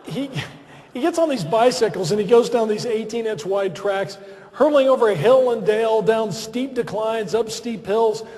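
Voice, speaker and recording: Guy doing a funny self-deprecating dinner speech, pretty high voice, big echoey hall. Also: normal speed. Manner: self-deprecating, lively storytelling. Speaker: after-dinner speaker. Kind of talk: humorous anecdotal speech. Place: large banquet hall. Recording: reverberant banquet hall.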